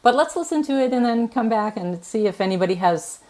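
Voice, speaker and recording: A woman oboist chatting casually on stage, telling an animated story and laughing often. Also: a little high, fairly quick. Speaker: oboist and host. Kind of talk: casual onstage chat. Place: museum performance space.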